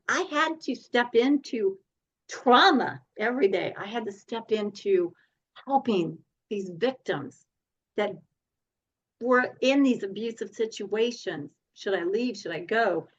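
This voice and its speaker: A woman guest telling her story in a podcast interview, animated and laughing often. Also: on the high side, slow, muffled recording. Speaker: guest speaker and coach.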